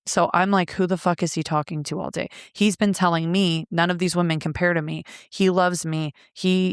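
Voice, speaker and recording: A woman's voice: low-pitched, smooth, no echo. A woman guest telling a painful personal story bluntly and emotionally, with frequent swearing, on a close studio mic.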